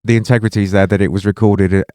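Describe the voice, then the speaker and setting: A man's voice: on the low side, flat delivery, darkish tone, smooth, dry recording, clean studio sound. A man co-hosting a podcast, thinking aloud about music and teasing his friends. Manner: reflective, teasing, drawn-out thoughts. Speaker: podcast co-host. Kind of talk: casual music discussion.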